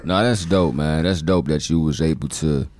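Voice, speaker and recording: A man hosting a casual interview, relaxed and slangy, encouraging his guest. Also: very deep voice, normal speed, no echo.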